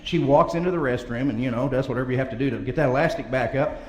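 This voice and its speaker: A man with a mid-range, darkish voice speaks rapid-fire as a motivational speaker giving a humorous banquet talk, full of folksy stories and frequent chuckles. The large hall makes the recording echoey, with faint ambience.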